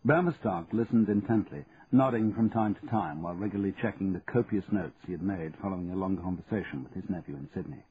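A man's voice: sits low, quick pace, few pauses. Male audiobook narrator, tinny sound. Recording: tinny narrow band, faint hiss.

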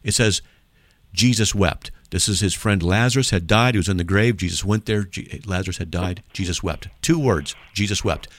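A man's voice: sits low, normal speed, dry recording. A man hosting a call-in radio show, talking emphatically and acting out mock back-and-forth dialogues to make his point. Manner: animated, emphatic, argues by playing out mock dialogues. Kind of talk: call-in radio apologetics talk.

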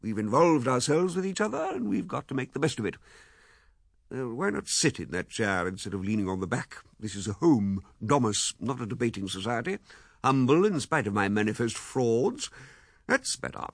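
A man voicing a pompous, waggish middle-aged gentleman who lectures genially and with self-satisfaction in a storybook reading. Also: mid-range voice, very animated, normal speed, creaky, dry recording, clean studio sound. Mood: lecturing.

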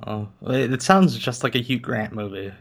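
A man's voice: mid-range voice, expressive, normal speed. A man hosting a podcast in casual chat, joking dryly and teasing his guests. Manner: dry teasing humor. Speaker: podcast host.

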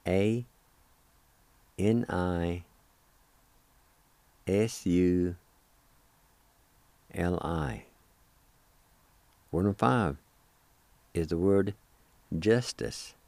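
A man hosts a radio language lesson, spelling and pronouncing words with patient repetition. His voice sits very low and mellow, and he talks slowly. The recording is dry and close. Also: dry recording. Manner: patient, repeats each word several times.

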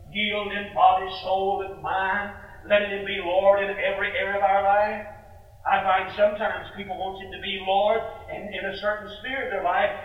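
A high-voiced man preaches a sermon in a church hall, pushing hard on each point. He sounds far from the microphone, in a very echoey room, and the tape is thin and phone-like. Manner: emphatic preaching, quoting speakers in a raised voice.

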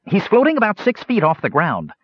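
A man doing a quick, high gnome. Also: huge pitch swings, dry recording, exaggerated voice. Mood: urgent. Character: helpful male gnome. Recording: slightly dull lo-fi recording.

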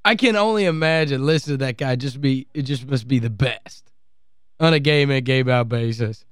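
A man's voice: medium pitch, moderate pace, clear, resonant tone, no room sound, studio quality. A man hosting sports talk radio, gleeful and mocking as he plays clips. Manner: gleeful, mocking, laughs often.

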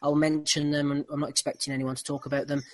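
A man hosting a casual chat, brisk and offhand as he runs the votes. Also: a little high, little pitch movement. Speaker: podcast host.

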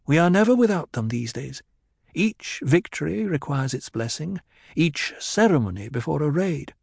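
A man's voice: on the high side, very animated, moderate pace, vocal fry, darkish tone, breathy edge, no room sound, studio quality, voice pushed up, full character voice. A man voicing a proud, weary middle-aged noblewoman who speaks bitterly.

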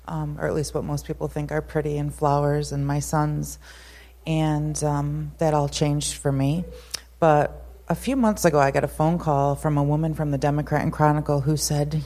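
A middle-aged woman speaks as a guest at a church service, telling her own story. Her voice sits low and stays fairly flat, with a mellow, soft tone. She talks in a nervous, halting way, filling gaps with frequent ums. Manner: nervous, halting, many fillers. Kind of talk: personal testimony at a church service.

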